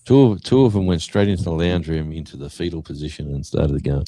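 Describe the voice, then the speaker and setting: A man's voice: deep voice, fairly quick, no echo. An Australian man, a guest musician, telling a story in casual chat and acting out what people said. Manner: animated storyteller acting out quotes.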